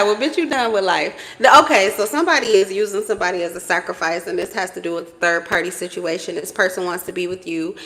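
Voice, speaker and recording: A woman giving a casual tarot reading to camera, blunt and profane, breaking into sudden high exclamations. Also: quick pace, a bit bright. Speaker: tarot reader. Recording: reverberant room.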